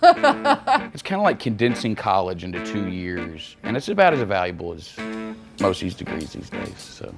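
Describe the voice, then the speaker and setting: A man's voice: low-pitched, wildly swooping pitch, normal speed, over music. A man, an actor, telling wry anecdotes in a documentary interview.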